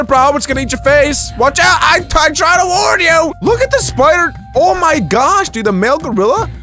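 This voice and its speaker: A young man giving excitable let's-play commentary, yelping and shouting at surprises, with quick asides to viewers. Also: extremely high pitch. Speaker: gaming YouTuber.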